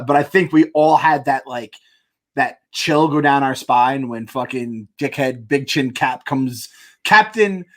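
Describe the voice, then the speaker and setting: A man's voice: medium pitch, a bit bright. A man co-hosting a casual podcast, reacting loosely with fillers, restarts and laughter. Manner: rambling, many fillers and restarts, laughs often. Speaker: podcast co-host. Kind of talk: casual chat.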